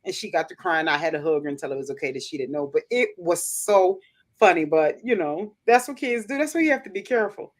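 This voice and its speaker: A woman hosting a livestream, telling family stories in a casual, animated way and acting out the voices in them. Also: on the low side, fast talker. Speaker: livestream host. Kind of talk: casual storytelling chat.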